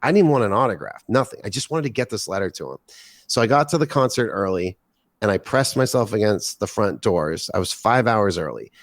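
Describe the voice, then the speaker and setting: A man in his forties, a podcast guest, telling a long story with excitement, swearing casually and acting out what people said. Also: lowish voice, a little fast, dry recording, studio quality. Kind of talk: animated storytelling in casual chat.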